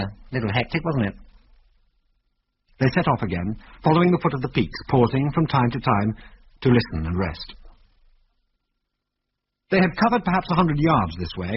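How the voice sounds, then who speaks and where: Male narrator, dramatic adventure reading, lively pitch, dull lo-fi radio recording, faint hiss. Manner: measured, vivid storytelling.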